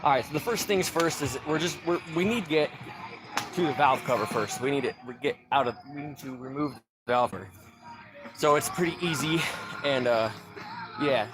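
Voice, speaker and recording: Man, mid-pitch, winded, rambling livestream chat outdoors with faint music behind. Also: moderate pace. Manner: loose, rambling, greets viewers by name. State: out of breath. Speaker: livestreamer doing car repair. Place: backyard, outdoors.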